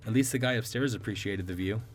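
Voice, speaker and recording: A man's voice: lowish voice, fast talker, soft background music, lightly acted. Man playing a smug, teasing young woman.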